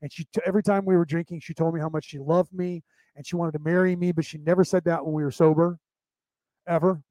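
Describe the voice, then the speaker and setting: A man's voice: fairly high pitch, fairly even intonation, quick pace, a little mellow, dry recording, rough recording. A middle-aged man hosting a podcast, telling a personal story in a rambling, profane way with many restarts. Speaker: podcast host. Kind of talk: casual storytelling monologue.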